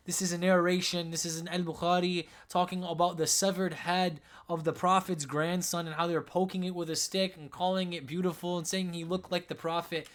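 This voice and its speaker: A man's voice: sits high, level tone, fairly quick, few pauses. A young man giving impassioned religious commentary, emotional and pleading, often repeating himself.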